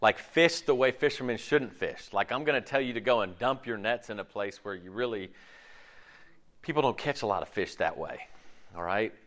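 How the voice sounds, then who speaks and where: A middle-aged man preaching a casual, conversational sermon, chatty and animated, with slangy asides and frequent restarts. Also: on the low side, moderate pace. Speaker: pastor.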